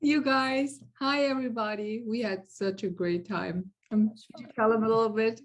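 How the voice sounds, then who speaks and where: A woman anxiety coach on a podcast, explaining calmly and reassuringly, with easy laughter. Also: fairly high pitch, normal speed. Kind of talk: casual explanatory talk.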